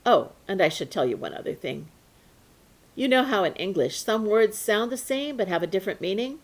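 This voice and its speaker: Woman storyteller, children's tale, lively swooping pitch, playful hushes. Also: normal speed. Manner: animated and playful, with sudden hushes and leaps in pitch.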